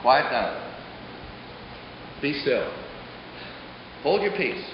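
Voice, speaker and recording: Hushed deep voice of God, as a preacher puts it on. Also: male voice, wildly swooping pitch, measured pace. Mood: calming. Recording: echoey hall, muffled, faint hiss.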